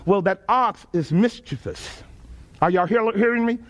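High-voiced Texan preacher. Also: male voice, measured pace. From Texas. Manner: call-and-response preaching, folksy and emphatic. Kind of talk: sermon. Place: church sanctuary before a congregation.

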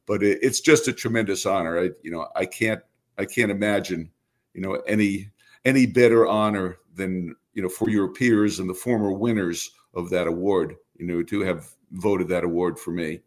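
A man's voice: sits low, steady tone, moderate pace. An older man from Brooklyn, a baseball broadcaster speaking earnestly as an interview guest. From Brooklyn, New York. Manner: reflective, earnest, many restarts. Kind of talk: conversational interview.

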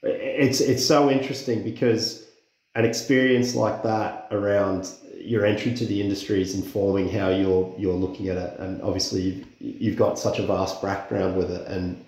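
A man hosts a podcast interview in a relaxed, conversational way, often nodding along with short yeahs. His voice sits on the low side and rings out in a very echoey room. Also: moderate pace. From Australia. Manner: conversational, frequent affirming yeahs. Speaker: podcast host.

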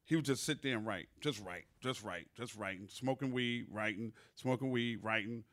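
A man hosting a podcast, telling studio stories in a loose, animated, profane way. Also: mid-range voice, normal speed. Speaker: podcast host. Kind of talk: casual storytelling chat.

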